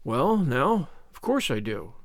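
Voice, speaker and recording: A man voicing a shy, gentle elderly farmer who speaks softly and haltingly. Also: mid-range voice, very animated, no echo, studio quality, pitched below the performer's own voice. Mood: coaxing.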